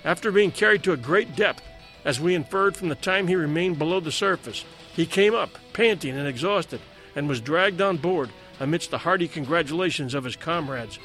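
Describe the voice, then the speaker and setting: A man reading a dramatic sea adventure aloud as a narrator, in a measured way. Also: a little high, expressive, fairly bright tone, soft background music. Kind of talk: scripted story narration.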